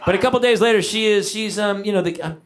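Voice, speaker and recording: A man's voice: high-pitched, quick pace, background noise. A middle-aged man performing a stand-up comedy routine on stage, acting out the people in his stories in changing voices. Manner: animated, acts out quoted family members in shifting voices. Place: comedy club stage before a live audience. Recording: live audience laughter around the voice.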